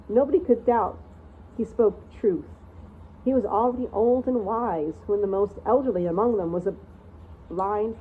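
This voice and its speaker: A woman narrating a storybook aloud in an expressive read-aloud style. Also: medium pitch. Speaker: reader of a channel read-aloud. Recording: tinny phone-like sound, faint hiss.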